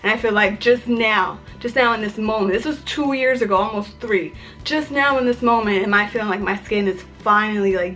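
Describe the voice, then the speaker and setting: A young woman from Maryland telling a personal story in a casual vlog, chatty and full of "like". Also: mid-range voice. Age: young adult. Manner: chatty, filler-heavy with frequent "like". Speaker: vlogger. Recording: faint music under the voice. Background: soft background music.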